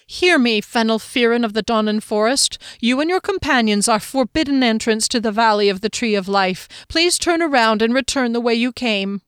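A woman's voice: high-pitched, big pitch swings, normal speed, hardly any pauses, dry recording, studio quality, pitched above the performer's own voice. A woman voicing a stern, curt female elven guard captain in an audiobook. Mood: commanding. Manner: curt, commanding.

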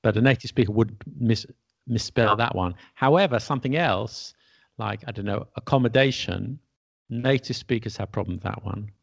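A man's voice: lowish voice, normal speed, creaky, no room sound. A man who teaches English, chatting casually and laughing at his own mistakes. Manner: chatty, self-deprecating, laughs often. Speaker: podcast host and English teacher. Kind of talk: casual conversation.

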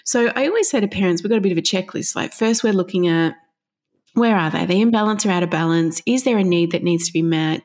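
A woman's voice: lowish voice, darkish tone. Middle-aged woman telling parenting stories, acts out the kids and parents here and there. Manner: vivid storytelling, briefly acting out parents and children in raised voices. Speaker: parenting counsellor. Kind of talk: explaining in a podcast interview.

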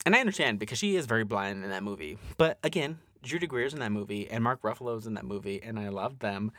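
A man co-hosting a podcast in casual chat, animated and profane, acting out quotes. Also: fairly low pitch, fast talker, no room sound, clean studio sound. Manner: animated, swears a lot, acts out quotes. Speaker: podcast co-host.

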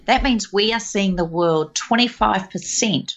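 A woman guest telling lively anecdotes in conversation, acting out quotes with warmth. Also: mid-range voice, measured pace, lo-fi sound. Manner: animated, warm anecdotes with laughs and acted quotes. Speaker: guest speaker. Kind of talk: conversational storytelling.

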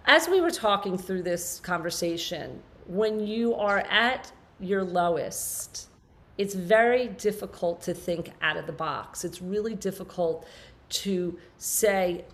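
A woman's voice: lowish voice, slow pace. Woman, fifties, podcast guest, earnest, passionate, rambling. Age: 50s. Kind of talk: emotional conversational interview.

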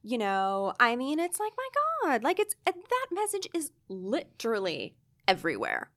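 A woman's voice: on the high side, huge pitch swings, moderate pace, a bit bright. A woman in her early forties co-hosting a podcast, talking candidly and repeating words for emphasis. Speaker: podcast co-host. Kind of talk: candid casual chat.

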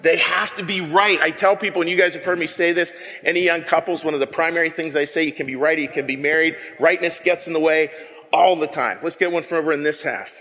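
Animated pastor guy, high bright voice, big hall echo. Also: quick pace. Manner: animated, joking with the congregation. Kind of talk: sermon.

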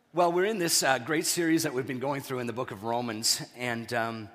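A male pastor with a hoarse throat, preaching a conversational sermon and often clearing his throat. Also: mid-range voice, moderate pace, fairly bright tone. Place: church sanctuary. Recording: reverberant church hall.

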